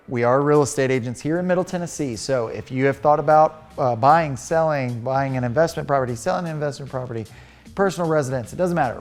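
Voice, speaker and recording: A man co-hosting a casual reaction video, joking and teasing his co-host. His voice sits at an ordinary middle pitch. He talks playfully and slips into a brisk sales pitch. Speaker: realtor co-host.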